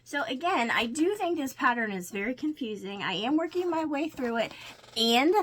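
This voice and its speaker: There's slight background noise as a woman with a high, animated voice narrates her weekly quilting and sewing at a moderate pace. She moves through each piece step by step in a casual show-and-tell style.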